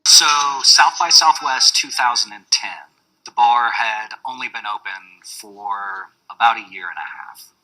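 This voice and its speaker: A man giving a documentary interview, telling a story in a relaxed way. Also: mid-range voice, a little slow, poor audio. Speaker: bar staff interviewee.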